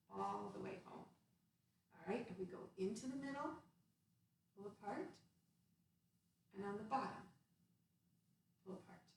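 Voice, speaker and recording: A woman's voice: on the high side, a bit bright, distant mic. A woman teaching a playful children's movement lesson, guiding actions step by step in a sing-song way. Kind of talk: guided kids' movement lesson. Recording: very echoey room, voice off-mic, faint hiss.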